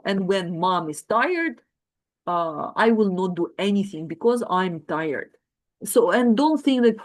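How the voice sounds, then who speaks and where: A woman's voice: mid-range voice, lively intonation, slow pace. Middle-aged woman, mother giving advice, casual monologue, firm, emphatic, many fillers.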